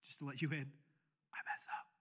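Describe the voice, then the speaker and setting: A man's voice: mid-range voice, level tone, fairly quick, sharp tone, slightly rough. A male pastor telling a personal story in a conversational sermon, with many restarts, then building into passionate, raised preaching. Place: church sanctuary.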